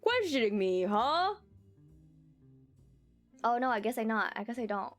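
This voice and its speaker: A woman's voice: on the high side, very animated, a little slow, faint music behind. A woman streaming a video game in casual chat, playful, swearing freely and reading game lines aloud.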